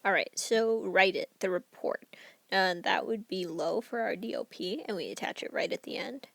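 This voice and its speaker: A woman teacher walks through a grammar lesson, explaining each step clearly. Her mid-pitched voice carries a gravelly edge. The sound is dry and close, with no room around it. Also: normal speed, a bit bright, dry recording. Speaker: Spanish teacher.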